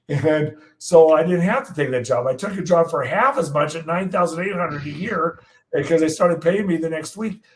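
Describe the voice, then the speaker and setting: A man in his sixties from the United States, a guest meteorologist telling animated stories in an interview and acting out the quotes. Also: on the high side, low-quality recording. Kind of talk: storytelling in an interview.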